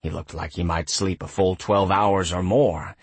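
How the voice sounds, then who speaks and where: A man narrating a first-person audiobook in a reflective, tender way with a husky voice. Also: low voice, fairly even intonation, unhurried, no room sound.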